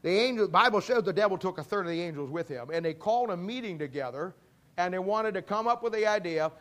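Guy preaching, high voice, folksy stories, acts out the bits. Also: a bit bright. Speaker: pastor. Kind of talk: sermon.

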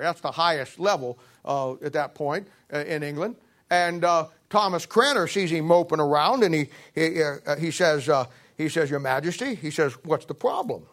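A man's voice: fairly high pitch, a bit bright. A man preaching in a folksy, joking storytelling style, often repeating himself. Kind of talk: storytelling sermon.

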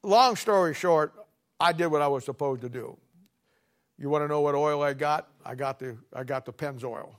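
Male preacher, slightly high voice, dry sarcastic wit. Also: moderate pace. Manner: sarcastic, wry storytelling with folksy asides. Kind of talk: sermon with storytelling.

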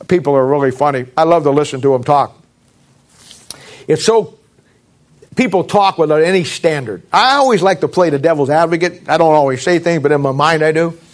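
Man, middle-aged, high-pitched, pastor, blunt folksy sermon, sarcastic. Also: fairly quick. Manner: folksy, blunt preaching with sarcastic asides and mimicked voices.

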